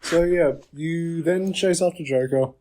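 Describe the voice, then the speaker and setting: A man's voice: fairly high pitch, a little slow, mellow. A man co-hosting a gaming podcast, chatting casually with sarcastic asides and frequent laughs. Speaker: podcast co-host.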